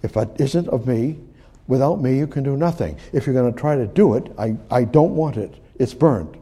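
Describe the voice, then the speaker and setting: A man preaching a sermon, reading scripture aloud and commenting on it, swinging from loud emphatic rises to hushed near-whispers. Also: medium pitch, lively intonation, normal speed, husky. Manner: reads scripture aloud and comments between verses.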